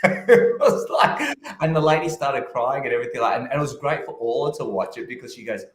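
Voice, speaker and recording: A man's voice: medium pitch, quick pace, roomy sound. A man co-hosting a casual chat, telling stories and acting out what people said. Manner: animated storytelling, acts out quotes. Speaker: co-host.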